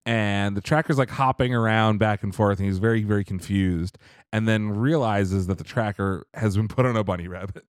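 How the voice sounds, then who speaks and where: A man's voice: lowish voice, normal speed, no echo, studio quality. A man co-hosting a casual podcast, recapping a movie's plot and reading trivia, laughing along. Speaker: podcast co-host.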